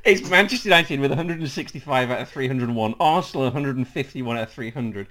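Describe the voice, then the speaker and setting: A man's voice: mid-range voice, fast, fairly bright tone. A man with a Leicester accent hosting a casual football podcast, reading stats between frequent laughs and fillers. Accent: Leicester English. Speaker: podcast host.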